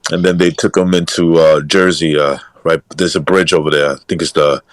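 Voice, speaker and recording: A man's voice: a bass voice, fairly even intonation, brisk, dry recording. A man co-hosting a podcast, telling loose stories in casual chat and swearing casually.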